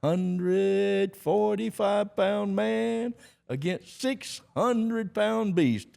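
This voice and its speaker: A man's voice: sits high, drawn-out words, creaky, a little mellow, smooth, voice pushed up, full character voice. An older man voicing a huge bearded carnival showman who barks a challenge at the crowd. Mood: mocking. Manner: barking challenge like a carnival barker.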